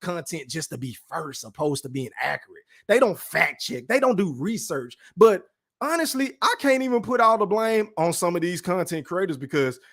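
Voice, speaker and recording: A man's voice: sits high, expressive, moderate pace, fairly bright tone, no echo, clean studio sound. A man hosting his own podcast livestream, talking in a blunt, profane casual rant from his room and tagging his points with "right?". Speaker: podcast host.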